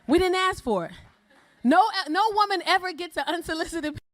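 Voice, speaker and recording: A woman's voice: extremely high pitch, expressive, a little fast, a bit bright, dry recording. A woman performing a bold, brash stand-up comedy set on a club stage, often laughing at her own jokes. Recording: faint crowd laughter and noise.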